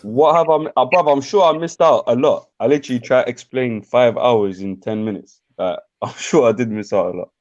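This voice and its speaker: A man's voice: medium pitch, fairly quick, few pauses, a little mellow. Slangy Birmingham man on a muffled stream. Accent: Birmingham English. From England. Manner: laid-back, slangy, laughs often. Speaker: live stream host. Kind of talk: casual chat on a live stream.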